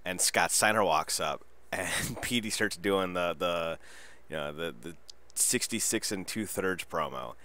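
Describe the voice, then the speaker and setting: A man hosting a wrestling podcast, talking through a casual solo review in a rambling, excitable way and swearing freely. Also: sits low, measured pace.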